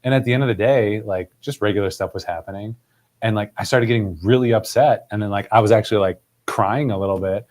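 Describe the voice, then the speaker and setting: A man's voice: lowish voice, fast talker, a little mellow. A man hosting a podcast in casual conversation, rambling and leaning on "like" as filler. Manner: rambling, heavy use of "like".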